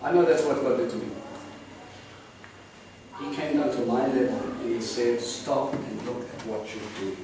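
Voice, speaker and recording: A man giving an earnest, animated bible teaching to a congregation and asking them questions. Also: medium pitch, moderate pace, pauses often. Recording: echoey room from a distant mic, noisy.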